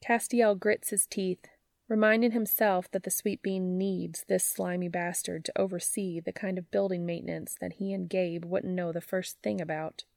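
A woman podcast host reading fan fiction aloud in an even, measured storytelling narration. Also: on the low side, gravelly, no room sound, clean studio sound.

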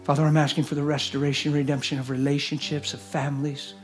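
A man preaching a sermon and leading prayer, earnest, moving between hushed whispers and loud exclamations. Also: fairly high pitch, flat delivery, fast talker, soft background music. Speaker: guest preacher. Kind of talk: sermon with altar call and prayer. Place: church service.

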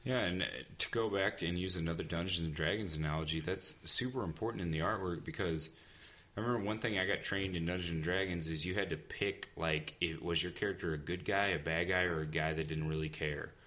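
A man's voice: low-pitched, brisk, a bit bright. A man, a comic book writer, chatting casually and telling stories in an easygoing way. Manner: easygoing, storytelling with acted quotes. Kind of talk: casual podcast chat.

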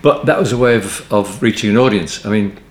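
This interview guest is a poet in his eighties from around Liverpool, England, speaking with a Liverpool accent in a fairly low-pitched, brisk voice. Relaxed and wry, he meanders through anecdotes, frequently breaking off and restarting sentences. He sits indoors in a hotel book room, captured with roomy echo and faint ambience.

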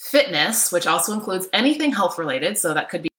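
A woman's voice: on the low side, big pitch swings, brisk, a bit bright, reverberant. A middle-aged woman coaching an online workshop, upbeat and chatty, often checking in with "right?". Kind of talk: live online workshop talk. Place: home office.

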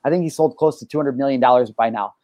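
A man hosting a live talk show, telling a story in an energetic, animated way and swearing freely. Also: medium pitch, fast talker, dry recording. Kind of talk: casual live-stream chat and storytelling.

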